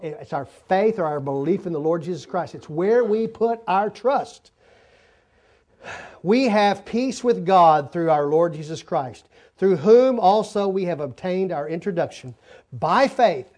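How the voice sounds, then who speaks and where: This preacher's voice is a little high with a darkish tone. In an explanatory sermon, he breaks down words for the congregation and asks them to help him out.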